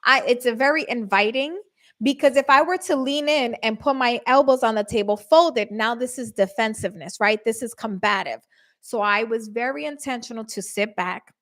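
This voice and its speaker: A middle-aged woman host telling a story casually to her listeners, animated and acting out quotes with shifts in her voice. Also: a little high, moderate pace. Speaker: podcast host.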